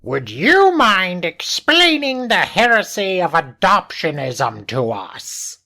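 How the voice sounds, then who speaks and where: A man voicing a strict, disciplinarian nun teacher with a rich French accent, speaking in a slow, commanding way. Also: high-pitched, very animated, bright, forceful tone, pitched above the performer's own voice, heavily acted. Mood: demanding.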